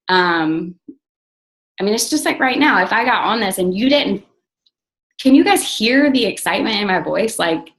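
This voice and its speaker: Young woman team coach, casual and blunt, excitable, swears freely. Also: medium pitch, poor audio. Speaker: team coach leading a call. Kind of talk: casual motivational team call.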